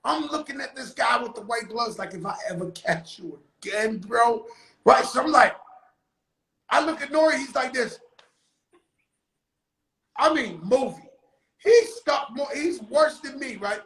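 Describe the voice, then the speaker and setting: High-voiced man telling a story slowly, shouting at times. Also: gravelly, echoey room, poor audio. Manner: animated and profane, with sudden shouted bursts. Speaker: livestream host telling a story. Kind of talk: casual storytelling on a live stream. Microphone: phone on a live stream.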